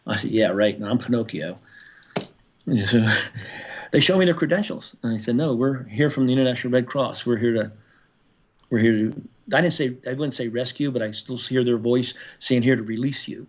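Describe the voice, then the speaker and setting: Older male guest, former Marine, gritty and profane storyteller, restarts often, average pitch, slightly dull lo-fi audio. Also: fairly quick. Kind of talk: storytelling in a podcast interview.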